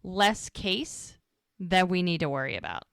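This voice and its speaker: A woman co-hosting a podcast, casually recapping a TV episode and acting out the characters' lines in an animated way. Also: lowish voice, a little slow, gravelly, clean tone, no room sound, clean studio sound. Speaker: podcast co-host.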